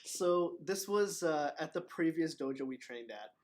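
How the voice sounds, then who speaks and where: Male host, martial arts teacher, higher voice, chatty storyteller. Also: unhurried. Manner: animated storytelling with laughs. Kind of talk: casual chat.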